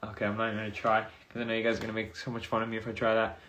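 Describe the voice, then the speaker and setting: A man's voice: lowish voice, completely flat delivery, racing, a bit bright, slight background noise. A young man chatting casually on a livestream into his phone, loosely reading out and reacting to viewer comments. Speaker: streamer answering viewer comments.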